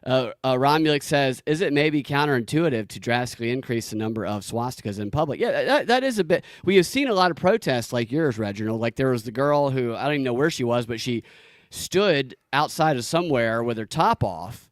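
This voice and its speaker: A male stream host of middling pitch who keeps prodding his guest with deadpan, teasing questions. His voice sounds close and dry, with no room around it. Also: brisk, dry recording. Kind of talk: casual comedic chat.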